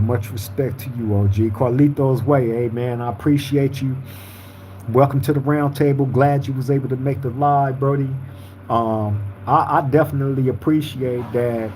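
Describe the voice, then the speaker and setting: A man's voice: medium pitch, a little mellow, slight background noise, rough recording. A man hosting a live podcast, chatting casually in streetwise slang and reading out viewer comments. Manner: laid-back, streetwise slang, frequent "you feel me". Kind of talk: casual live-stream chat.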